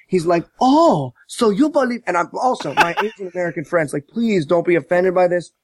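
A man casually recapping a movie on a podcast, animated and profane, mocking as he tells it. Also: high voice, fairly quick, no room sound. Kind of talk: casual chat.

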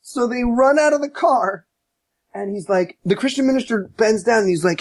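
In a casual podcast chat, a man rants about a movie with sarcasm and profanity, mocking its quotes by shouting them in put-on voices. His pitch is extremely high, his pace moderate, and there's no echo.

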